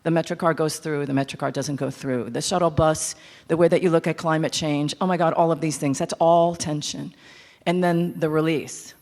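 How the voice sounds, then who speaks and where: A woman in her fifties, a composer teaching a master class to a live audience, animated, candid and self-mocking. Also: low voice, normal speed. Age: 50s. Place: large hall with audience. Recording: echoey hall with instrument.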